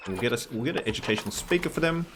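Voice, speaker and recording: A man's voice: mid-range voice, animated, rapid-fire. Guy muttering thru a sim game, wry little jokes, mid voice, game clicks and noise behind. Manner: chatty, thinks aloud, wry asides. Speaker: gaming channel host. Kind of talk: casual gameplay commentary.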